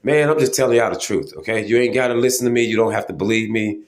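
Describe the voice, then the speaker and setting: Man, low register, casual preaching monologue, emphatic, keeps checking in with listeners. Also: fast talker. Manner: informal and emphatic, with many fillers and "okay?" check-ins. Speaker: religious video host.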